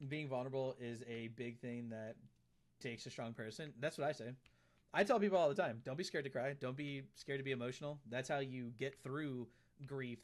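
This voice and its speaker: A man streaming live, chatting casually and reading out and answering comments from his chat, often repeating himself. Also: mid-range voice.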